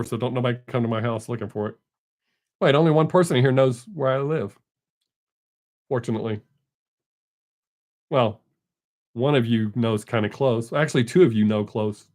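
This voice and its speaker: A man's voice: fairly high pitch, a little mellow. An older man hosting a live stream, in casual folksy chat, joking and greeting viewers from the chat by name.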